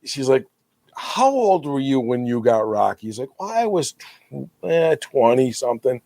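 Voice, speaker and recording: A man co-hosting a casual podcast, telling stories with animated, laughing energy. His voice sits in the middle of the male range and is recorded dry and close on a podcast mic. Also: medium pitch, normal speed, vocal fry, dry recording. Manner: animated storyteller who laughs while retelling. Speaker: podcast co-host. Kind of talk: casual chat. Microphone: podcast microphone.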